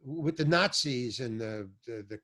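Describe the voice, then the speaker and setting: An older man, an actor, telling animated, rambling stories as a podcast guest, swearing and restarting his sentences. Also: mid-range voice, unhurried. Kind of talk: storytelling in a podcast interview.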